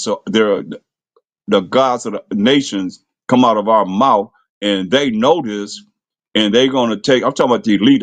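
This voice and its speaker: Fiery preacher man with a dry sound. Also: no echo. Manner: impassioned, rhetorical questions, voice jumps high when mocking. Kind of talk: fiery street-style scripture sermon.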